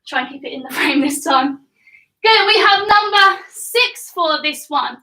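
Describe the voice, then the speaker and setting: An upbeat young coach runs a children's home workout, cheering the kids on as she counts each rep. Her voice is high and bright, and she gets a little out of breath. She sounds a bit off-mic in an echoey room. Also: expressive, measured pace, recorded from a distance. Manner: upbeat, encouraging, counting reps aloud. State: getting out of breath.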